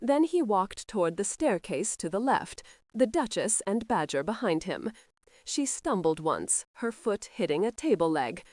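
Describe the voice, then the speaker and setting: A woman narrating a historical romance audiobook in an expressive reading style. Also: medium pitch, measured pace, no echo, clean studio sound. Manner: lively, character-voicing reading.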